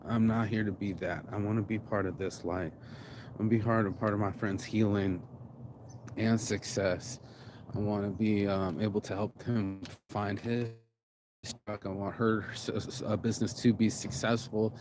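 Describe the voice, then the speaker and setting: Over noisy ambient sound, a Las Vegas man vlogs a heartfelt, meandering motivational monologue straight to camera. His voice is on the low side, steady in tone and moderate in pace, shifting between sighs and emphatic bursts.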